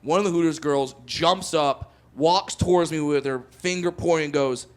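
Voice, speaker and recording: A man doing stand-up, telling a story to a live audience and bursting into loud shouted voices for the people in it. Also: a little high, normal speed, a little hiss or hum. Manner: animated, jumps into loud shouted character voices. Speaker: stand-up comedian.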